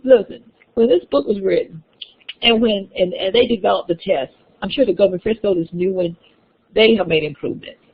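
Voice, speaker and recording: A woman's voice: fairly low pitch, creaky, breathy edge. A woman instructor giving a classroom lecture, explaining step by step with frequent restarts and fillers. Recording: tinny phone-like lecture recording.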